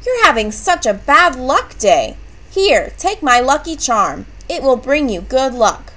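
A woman voicing a kind, helpful schoolgirl friend in a storybook reading, bright and reassuring. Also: high-pitched, sing-song, a little slow, heavily acted.

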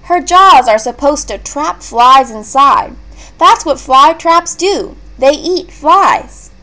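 Woman playing a worried little boy, earnest, high bouncy voice, storybook reading. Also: expressive, slow pace, pushed and bright, heavily acted. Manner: earnest, raised childlike pitch. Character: earnest young boy worried about his plant.

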